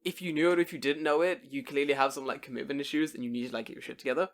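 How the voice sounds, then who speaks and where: A man's voice: medium pitch, very fast. A young man co-hosting a casual podcast, telling a story with swearing and acted-out quotes. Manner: animated storyteller, swears freely, acts out quoted voices. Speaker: podcast co-host. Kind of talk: casual chat.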